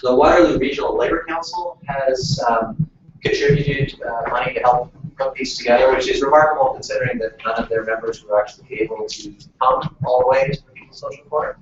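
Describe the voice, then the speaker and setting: A man's voice: mid-range voice, steady tone, fairly quick. Give me a man rambling through a workshop intro, heard from afar on a muffled recording with background noise. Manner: rambling, lots of fillers and restarts. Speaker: workshop facilitator. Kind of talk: casual workshop talk. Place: meeting room. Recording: echoey room from far off, muffled, noisy.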